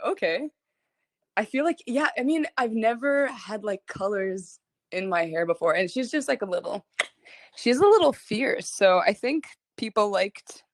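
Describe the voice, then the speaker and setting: A woman's voice: mid-range voice, dry recording. Young woman, casual livestream chat, rambling, giggly, lots of "like", dry close sound. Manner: rambling and giggly, full of "like" fillers. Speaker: singer hosting a streaming listening party.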